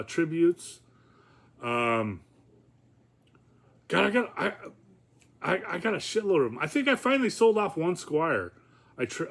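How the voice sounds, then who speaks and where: Man, casual vlog rambling, swears freely, fillers, slightly high voice. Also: creaky, a bit bright. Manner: loose and profane, with many fillers and laughs. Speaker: vlogger.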